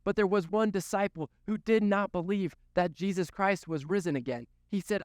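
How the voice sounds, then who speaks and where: Youth pastor guy preaching, earnest storyteller, kinda high voice, dry close sound. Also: normal speed, darkish tone, dry recording. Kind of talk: sermon.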